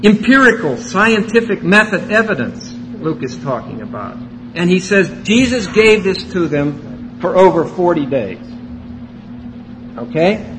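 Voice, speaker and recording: A man preaching an expository sermon, emphatic and rising to loud exclamations. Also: high-pitched, very animated, unhurried, noisy background.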